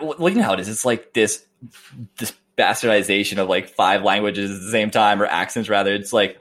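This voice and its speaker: A man co-hosting a podcast, telling stories in an animated, self-mocking way. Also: mid-range voice. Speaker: podcast co-host. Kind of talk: casual podcast chat.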